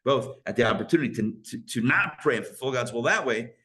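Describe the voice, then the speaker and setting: In a live Torah class, a male rabbi tells a story with a mid-range voice at a fast clip. He's conversational and animated, frequently restarting sentences and sprinkling in Yiddish and Hebrew religious terms.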